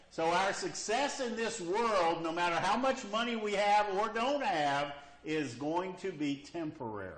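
A man preaching a sermon, often checking in with his listeners with questions like "okay?" and "you see?". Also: fairly high pitch. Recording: echoey room.

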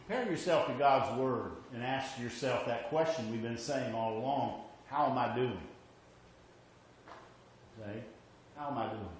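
A man's voice: mid-range voice, a little slow, pauses often, slight background noise. A man preaching a sermon, emphatic, repeating his points and often checking in with "okay?". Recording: very echoey hall with faint ambience.

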